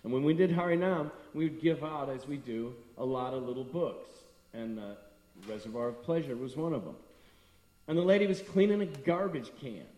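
Middle-aged male speaker, devotional talk, animated anecdotes; long reverb, voice from a distance. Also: mid-range voice, moderate pace. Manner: storytelling, acting out quoted people. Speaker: temple speaker. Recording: echoey hall from a distance.

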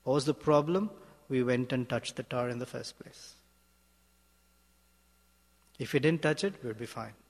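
A male spiritual teacher giving a sermon in a measured, emphatic way, often asking rhetorical questions. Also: mid-range voice. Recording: long hall reverb.

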